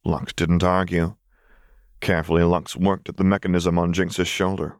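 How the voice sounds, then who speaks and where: A man reading fan fiction aloud as an audiobook narrator, in a calm, measured storytelling manner. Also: deep voice, no echo, clean studio sound.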